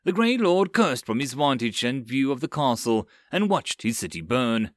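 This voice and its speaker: A man narrating a web novel audiobook with expressive storytelling. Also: mid-range voice, normal speed, few pauses, no room sound, studio quality.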